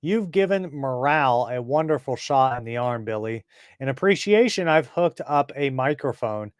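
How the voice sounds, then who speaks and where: A man's voice: medium pitch, expressive, normal speed, clean tone, dry recording, studio quality, lightly acted. A man reading as a formal army commander. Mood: grateful. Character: grateful middle-aged male commanding officer.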